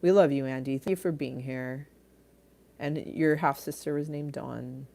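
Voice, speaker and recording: Low-voiced middle-aged woman chatting live. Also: fairly even intonation, moderate pace, vocal fry, warm tone. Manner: chatty, laughs often, trails off and restarts. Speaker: livestream host. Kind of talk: casual livestream chat reading comments.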